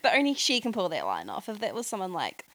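A woman's voice: mid-range voice, wildly swooping pitch, fast, a bit bright. A woman co-hosting a casual podcast, teasing and arguing with her friends. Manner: teasing, argumentative. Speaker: podcast co-host. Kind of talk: casual chat.

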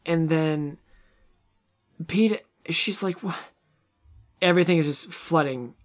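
A man's voice: a little high, slow. A man in casual chat about a film, retelling scenes animatedly and acting out the characters' lines. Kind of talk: casual movie discussion.

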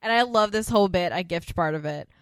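A woman's voice: lowish voice, dry recording, clean studio sound. A woman co-hosting a podcast, casually recapping a TV episode and acting out the characters' lines with laughs. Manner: acts out character lines in quick quoted bursts, laughs often. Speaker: podcast co-host.

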